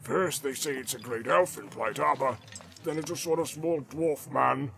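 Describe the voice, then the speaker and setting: A man voicing a big male orc soldier in an audiobook, blustering and threatening in a harsh, gravelly voice. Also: fairly high pitch, moderate pace, a bit bright, voice pushed up. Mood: scornful. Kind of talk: audiobook character voice.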